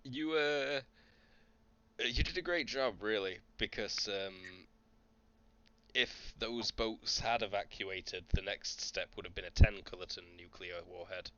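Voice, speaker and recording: Game master man, deep-set voice with bright edge, dry wit, muffled voice-chat sound. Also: unhurried. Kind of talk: running a tabletop game over voice chat.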